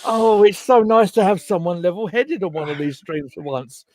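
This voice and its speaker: A man hosting a casual football chat stream over a video call, chatty and excitable, with lots of stumbling restarts. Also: sits high, normal speed. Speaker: host. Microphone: home computer mic on a video call.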